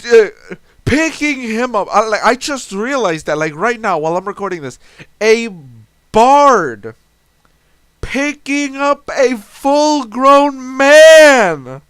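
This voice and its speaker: High-voiced young man ranting in exasperation. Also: fairly bright tone, no room sound. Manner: exasperated, swearing, frequent restarts. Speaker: storyteller recounting a tabletop game. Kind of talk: ranting storytelling monologue.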